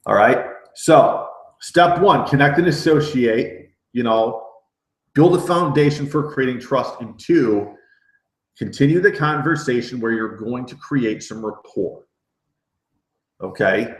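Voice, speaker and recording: A man's voice: mid-range voice, measured pace. A middle-aged man running a live sales training, talking with energy, repeating himself and dropping rallying "okay?" asides. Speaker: network marketing trainer. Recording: roomy echo.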